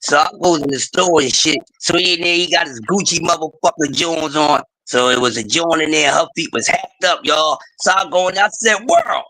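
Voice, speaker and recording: A man hosting a casual talk show, telling loud, profane stories and acting out the people in them. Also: fairly high pitch, fairly quick, hardly any pauses, no echo, rough recording. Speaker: podcast host. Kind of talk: casual chat.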